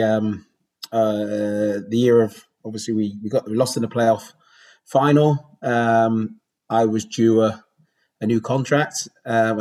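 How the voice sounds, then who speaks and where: In a casual interview, a Bristol-born man in his forties, once a goalkeeper, spins rambling stories full of restarts in a Bristol English accent. He speaks with a fairly low pitch and a darkish tone, and the recording is rough.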